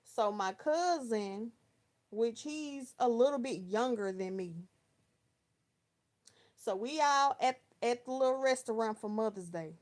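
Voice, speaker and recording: A woman's voice: fairly high pitch, animated, unhurried, a little mellow. A woman around thirty from Texas, chatting casually on a livestream, telling stories in slang and answering viewers by name. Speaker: live chat host. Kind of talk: casual livestream chat, reading viewer comments.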